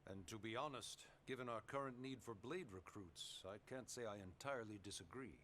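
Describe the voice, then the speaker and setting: An actor voices a smooth-talking male official in a video game, polite, sly, and persuasive, coaxing people into agreeing through quiet manipulation. The voice is on the low side and brisk, with a little hiss or hum in the recording.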